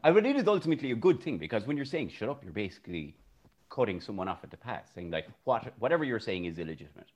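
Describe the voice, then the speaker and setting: Irish male teacher, lively storyteller; wide-ranging pitch, mimics people in his anecdotes. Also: rapid-fire. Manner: animated, laughing, acts out voices in anecdotes. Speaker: primary school teacher, guest. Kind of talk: casual podcast chat, storytelling.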